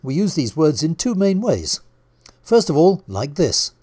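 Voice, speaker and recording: A middle-aged man teaching an English grammar lesson, reading clear scripted narration in a lively teacher's manner. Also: fairly high pitch, unhurried. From England.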